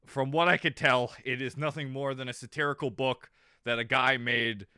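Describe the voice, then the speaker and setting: A man casually chatting on a livestream, animated and laughing, with plenty of swearing. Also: mid-range voice, normal speed, clear, resonant tone, dry recording, clean studio sound. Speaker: streamer.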